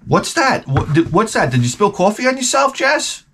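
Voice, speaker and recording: A man voicing a shrill, nosy coworker in a mock commercial skit. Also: big pitch swings, moderate pace, fairly bright tone, a little hiss or hum, heavily acted. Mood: prying. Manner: prying, high-pitched.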